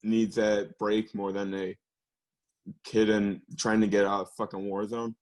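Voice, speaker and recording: A man's voice: fairly low pitch, flat delivery, a little slow, darkish tone. A young man co-hosting a podcast in casual chat, rambling and profane, laughing often. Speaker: podcast co-host.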